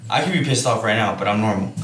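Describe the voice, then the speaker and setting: A young man co-hosting a casual chat, swearing often and telling animated stories with frequent laughs. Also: on the low side, fast. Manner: profane, laughing, animated storytelling. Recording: roomy, distant mic with clear background noise.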